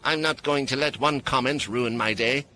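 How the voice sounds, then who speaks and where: Cast: man voicing a commanding female mage, raised lively voice, sly and cutting, fantasy recap. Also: high-pitched, moderate pace, a little hiss or hum, pitched above the performer's own voice, full character voice. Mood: wry. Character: imperious ageless female tower master mage, sharp, teasing.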